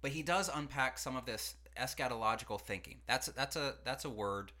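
A man, a pastor and podcast host, teaching in a relaxed conversational way in a studio, acting out quotes with lively asides. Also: mid-range voice, fairly quick. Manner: conversational, animated, acts out quotes.

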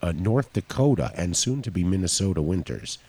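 Deep-voiced man reading casual ad spots. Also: very animated, brisk, warm tone, husky. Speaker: podcast co-host reading sponsor spots. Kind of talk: casual ad reads.

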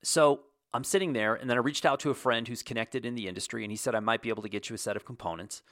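A man telling a long casual story as host, animated and acting out quoted lines in his own voice. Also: medium pitch, very fast, no echo, studio quality.

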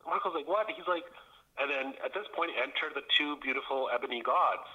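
A middle-aged man from Canada telling a story on a podcast, animated and laughing often as he acts out the voices of people in it. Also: mid-range voice, brisk, muffled recording. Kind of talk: casual storytelling chat.

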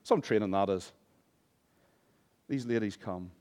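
A man preaching a sermon as pastor, passionate, swinging between hushed and loud, with humorous asides. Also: fairly low pitch, measured pace.

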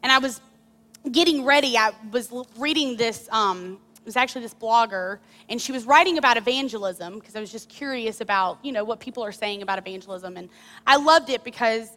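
A woman's voice: a little high, fairly quick, long reverb tail. Candid woman preacher telling a story. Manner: candid, animated storytelling with confessional tone. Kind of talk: sermon with personal story.

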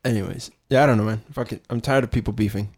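A man's voice: on the low side, steady tone, fast, darkish tone. A man co-hosting a casual podcast, rambling through the news and laughing often as he talks. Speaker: podcast co-host.

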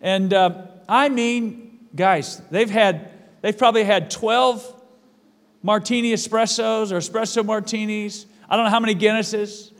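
A man's voice: sits high, fairly even intonation, unhurried, long reverb tail. A male pastor delivering a sermon in a church, emphatic and repeating his phrases for weight.

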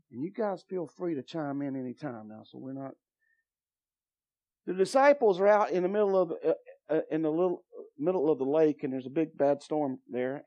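A man's voice: high-pitched, darkish tone. Emphatic male pastor preaching. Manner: emphatic, call-and-response with congregation. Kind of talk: sermon. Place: church.

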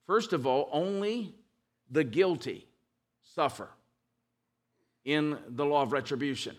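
A man preaching a sermon, reading scripture aloud with emphatic, slowed stress on key words and frequent restarts. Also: on the high side. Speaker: pastor.

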